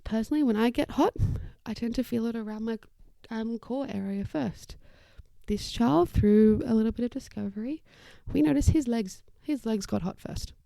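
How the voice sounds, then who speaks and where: Dark-toned woman with a gravelly edge. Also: fairly high pitch, normal speed, no room sound. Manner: warm explanatory, acts out little quoted voices. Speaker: occupational therapist podcast host. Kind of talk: casual educational talk.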